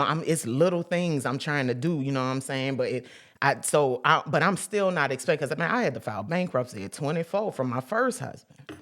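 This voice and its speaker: A woman's voice: low-pitched, a bit bright. A woman hosting a casual spiritual talk for her viewers, chatty and emphatic, with profanity and sudden whoops. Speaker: host.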